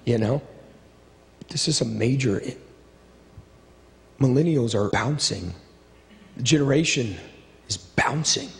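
A middle-aged male pastor preaching a sermon with impassioned, repetitive phrasing, swinging between stirring build-ups and low, quiet asides. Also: expressive, takes it slowly, creaky, pauses often. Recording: long reverb of a large hall.

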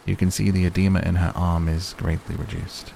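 A measured, formal male hospital doctor, read by a man with a low, gravelly voice. He speaks carefully and precisely in a storybook reading, over a noisy recording. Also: little pitch movement.

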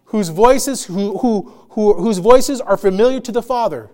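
A man's voice: high voice, a little slow, darkish tone. A male pastor preaching a conversational sermon, laughing often and acting out quotes.

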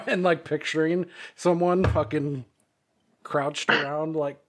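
A man's voice: fairly high pitch, steady tone, slow. A married man hosting a podcast, telling a story in a rambling, profane way with plenty of fillers and restarts. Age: adult, married. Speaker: podcast host. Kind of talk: casual chat.

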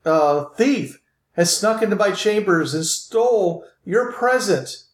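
A man's voice: sits high, animated, slow pace, echoey room, pitched above the performer's own voice. A man voicing a fretful, possessive noble lady who coos and pleads in a tabletop game. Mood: pleading.

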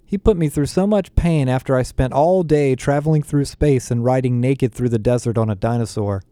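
A man's voice: mid-range voice, moderate pace, warm tone, no echo, close to an everyday voice. A man reading a novel aloud, voicing a playful, slang-loving teenage boy.

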